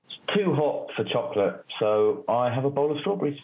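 A man from North London, a guest in an interview, telling his career story in a relaxed, wry way. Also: medium pitch, a little fast, narrow, tinny audio. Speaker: guest, general counsel.

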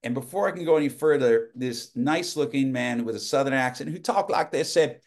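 Man telling lively stories. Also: mid-range voice, fairly quick. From United States. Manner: lively anecdotes, many restarts. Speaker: podcast guest. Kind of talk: casual storytelling.

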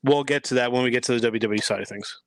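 A man's voice: medium pitch, rapid-fire, no room sound. A man giving his views as a guest in a casual podcast chat, rambling with many restarts. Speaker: guest commentator.

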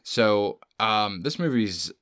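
A man's voice: on the low side, animated, slow pace, fairly bright tone, no echo, clean studio sound. A man co-hosting a casual review podcast, speaking plainly and agreeably. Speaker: podcast co-host, movie reviewer. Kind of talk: casual chat.

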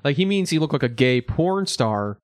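A man's voice: on the high side, big pitch swings, moderate pace, no room sound, studio quality. A man in his twenties co-hosting a podcast in casual chat, profane and joking. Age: 20s. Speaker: podcast co-host.

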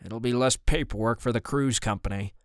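A man's voice: mid-range voice, a little fast, no echo, clean studio sound, close to an everyday voice. A man voicing an ill, easygoing father with a wry, tired manner, in an audiobook. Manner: laid-back, wry. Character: sick, easygoing middle-aged father.

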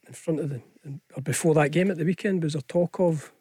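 Chatty Scottish pundit, raised pitch. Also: male voice, fast, warm tone, breathy edge, no echo, studio quality. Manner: chatty, hesitant, many restarts. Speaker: football pundit, former player. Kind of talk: casual sports radio punditry. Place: radio studio. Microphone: studio microphone.

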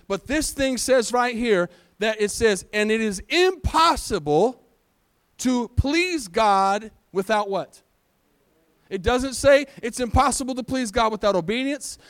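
High-voiced preacher calling out to his church. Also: no echo, clean studio sound. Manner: animated, call-and-response preaching with rhetorical questions. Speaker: pastor. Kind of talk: sermon.

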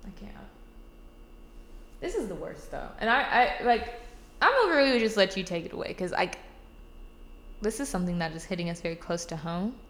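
A woman's voice: lowish voice, lively intonation, brisk, gravelly, long pauses. A blunt woman in casual podcast chat who rants with heavy swearing. Her voice rings in an echoey room. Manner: blunt, profane, ranting. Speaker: podcast co-host.

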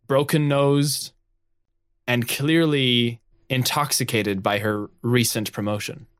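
A man's voice: mid-range voice, fairly bright tone, smooth. A man playing a tabletop game, narrating his character playfully and improvising. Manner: playful, improvising, laughs often. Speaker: player. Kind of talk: tabletop role-play narration.

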